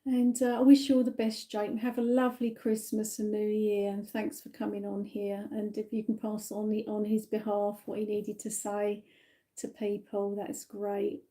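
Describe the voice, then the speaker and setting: Gentle British psychic, mellow voice. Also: female voice, mid-range voice, completely flat delivery, moderate pace. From United Kingdom. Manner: gentle, reassuring, many fillers and tag questions. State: a little tired. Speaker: psychic medium. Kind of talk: live-stream reading.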